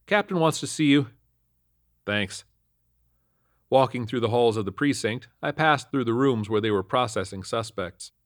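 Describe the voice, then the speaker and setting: Male horror narrator, deadpan, lowish voice, dry close sound. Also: no echo. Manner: deadpan, matter-of-fact. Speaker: storyteller. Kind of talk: scripted first-person horror narration.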